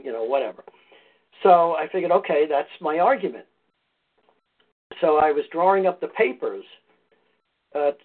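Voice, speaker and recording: A man with a somewhat high, husky voice tells a meandering personal anecdote in a relaxed, conversational way. He comes through a tinny, phone-like line. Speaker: podcast guest, foundation founder. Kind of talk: casual anecdotal storytelling. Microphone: phone or call line.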